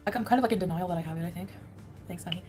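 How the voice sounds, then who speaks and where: A woman's voice: on the low side, rapid-fire, a little mellow, husky, soft background music. A woman livestreamer chatting casually with viewers, rambling and laughing at herself.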